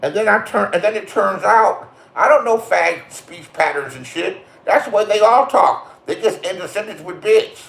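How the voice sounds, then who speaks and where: A man's voice: high voice, expressive, moderate pace, vocal fry, few pauses, fairly bright tone. Swearing man ranting in an echoey room. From California. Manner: crude, swearing, confrontational storytelling. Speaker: vlogger. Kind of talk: profane ranting monologue. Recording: roomy echo.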